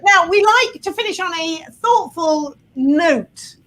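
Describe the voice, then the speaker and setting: A woman co-hosts a chat show with a high, lively voice that leaps around. She teases and chatters in a bubbly way. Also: slow. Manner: bubbly and teasing. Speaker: co-host. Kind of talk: casual chat show hosting.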